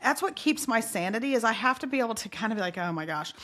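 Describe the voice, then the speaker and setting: Bright-voiced woman telling lively stories. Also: fairly high pitch, fast. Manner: lively, acts out the people in her stories; speaks of faith and parenting. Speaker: podcast guest. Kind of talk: animated storytelling in casual conversation.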